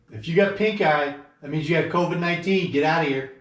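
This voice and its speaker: A man with a fairly high voice, co-hosting a local radio show, reading out listener messages and joking around. He is playful and quick to laugh. The studio sounds roomy around him. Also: a bit bright. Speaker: radio co-host. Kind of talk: casual radio banter.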